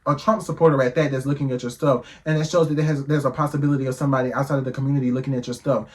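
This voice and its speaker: A man giving heated reaction commentary, firing off rhetorical questions and swearing freely. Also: mid-range voice.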